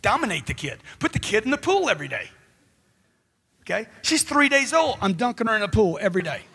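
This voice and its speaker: Man, motivational seminar speaker, high voice, husky, emphatic, rhetorical questions, handheld mic. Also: very animated, brisk, pushed and bright. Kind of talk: live motivational seminar talk.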